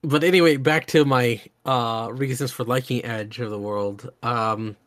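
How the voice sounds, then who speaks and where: A man's voice: mid-range voice, steady tone, measured pace, fairly bright tone. Enthusiastic man, rambling chat. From Oklahoma, USA. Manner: enthusiastic, rambling, many fillers and restarts. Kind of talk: casual chat.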